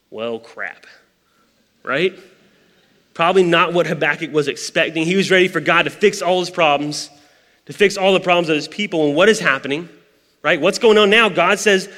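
A man's voice: high voice, moderate pace, pauses often, pushed and bright. A young man preaching a conversational sermon, often checking in with "right?" as he retells a Bible story. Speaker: pastor. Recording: hall reverb.

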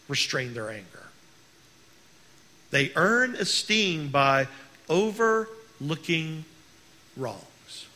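A male pastor preaching a sermon in an earnest way, slowing down to stress key words. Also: fairly high pitch, bright, forceful tone.

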